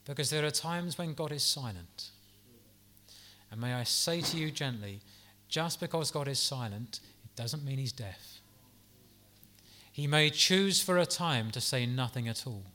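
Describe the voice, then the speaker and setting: A man delivers a sermon with a bright, forceful tone. He speaks gently and earnestly, pastoral in manner, and stops now and then to restart a phrase. His pitch sits in an ordinary middle range for a man. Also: expressive, unhurried. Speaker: preacher.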